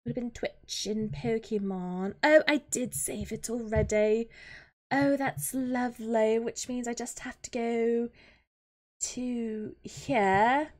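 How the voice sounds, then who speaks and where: A woman's voice: a little high, steady tone, slow, a little mellow. A woman hosting a gaming channel, giving chatty, playful commentary on her own play and exclaiming often. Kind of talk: casual game commentary.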